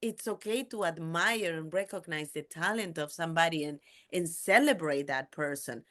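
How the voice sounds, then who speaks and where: Woman hosting a podcast, kinda low voice, acts out the stories as she tells them. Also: moderate pace. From Peru. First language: Spanish. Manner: animated storyteller who acts out quoted voices. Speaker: podcast host. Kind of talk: casual interview chat.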